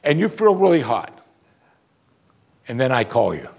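A man's voice: medium pitch, wildly swooping pitch, a little slow, vocal fry, husky. A man preaching a sermon as a pastor, talking in a conversational way and asking his listeners rhetorical questions.

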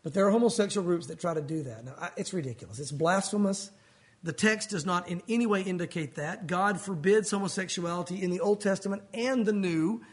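Husky-voiced man preaching earnestly. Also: a little fast. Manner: earnest, pleading, rises and falls in pitch for emphasis. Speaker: pastor. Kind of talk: sermon.

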